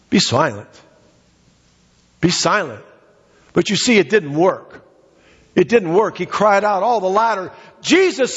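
A middle-aged man preaches a sermon with a lively, rising and falling delivery. His voice is slightly husky and sits fairly high. The recording is muffled and carries a long hall reverb. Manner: emphatic preaching that rises high on exhortations and drops low for asides. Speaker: pastor.

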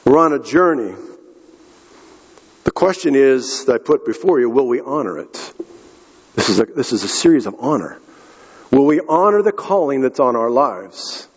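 A man's voice: medium pitch, big pitch swings, moderate pace, pauses often, breathy edge. A man preaching a sermon, telling a story earnestly and speaking directly to the congregation. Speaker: pastor. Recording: echoey hall, dull lo-fi sound.

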